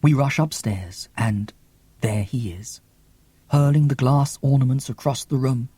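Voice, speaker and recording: Theatrical husky-voiced male storyteller. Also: mid-range voice, unhurried, mellow, no room sound. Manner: theatrical, lots of gasps and whispers. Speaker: audiobook reader. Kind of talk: expressive audiobook narration.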